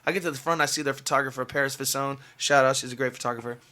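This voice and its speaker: Fast, bright-voiced man telling a story. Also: mid-range voice. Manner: animated, laughing retelling with lots of fillers. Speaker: guest musician. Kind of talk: casual storytelling.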